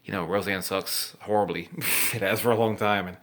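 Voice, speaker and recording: A man's voice: on the low side, fairly even intonation, moderate pace, fairly bright tone. A drunk young man rambling and swearing as he reacts to old commercials, laughing often. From Texas.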